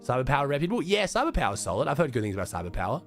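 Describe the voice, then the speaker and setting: A young Australian man streaming and chatting to viewers, hoarse and thick-voiced from a chest infection, talking loosely with lots of swearing and trailing off into quieter mumbles. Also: mid-range voice, sing-song, rapid-fire. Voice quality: thick and raspy. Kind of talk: casual livestream chat. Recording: faint music playing behind.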